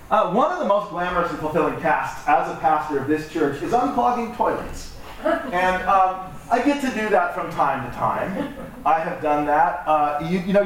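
A man preaching to his congregation in a relaxed, joking way, acting out the voices of the people in his stories. His voice sits a little high. It is picked up from far off in a very echoey hall, with faint room noise behind. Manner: conversational, joking, acts out quoted voices. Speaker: pastor. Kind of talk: sermon. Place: church hall.

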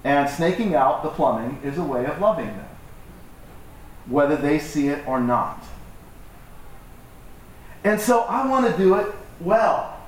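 A man's voice: a little high, expressive, a little slow, long pauses. A male pastor giving a conversational, joking sermon to his church and acting out voices in the stories he tells. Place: church hall. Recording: echoey hall from far off with faint ambience.

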